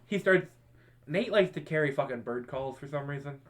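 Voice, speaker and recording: A young man hosting a podcast, telling high school stories to friends in a casual way, often laughing and acting out what his friends said. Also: animated, moderate pace. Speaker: podcast host. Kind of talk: casual storytelling among friends.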